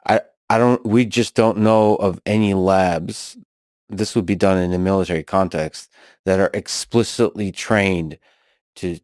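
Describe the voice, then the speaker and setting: Deep-voiced reflective man. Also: fairly even intonation, a little mellow, dry recording, clean studio sound. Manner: reflective, halting with restarts. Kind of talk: casual discussion.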